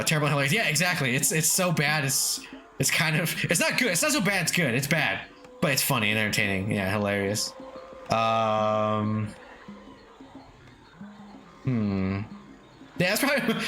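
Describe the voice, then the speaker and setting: Here a male streamer speaks at a medium pitch with a sharp edge to his tone. Faint lofi tracks play softly while he games, chats loosely, reads chat out loud, swears freely and chuckles frequently.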